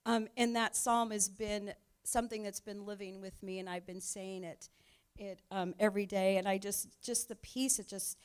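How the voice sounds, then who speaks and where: Woman pastor, smooth resonant voice, tender conversational sermon, church sanctuary. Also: medium pitch, fairly even intonation, normal speed. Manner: emotional, tearful, conversational, says y'all.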